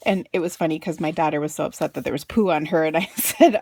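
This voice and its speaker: A woman's voice: sits low, animated, fairly quick, darkish tone, breathy edge. A woman in her thirties chatting casually as she makes a greeting card, telling a funny family story and laughing often. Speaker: card-making crafter and blogger. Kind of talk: casual storytelling while crafting.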